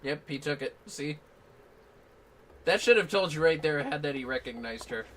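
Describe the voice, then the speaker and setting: A woman's voice: low-pitched, expressive, moderate pace, fairly bright tone, slight background noise. A woman streamer casually reacting to a game, laughing and swearing as she plays. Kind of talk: casual livestream commentary.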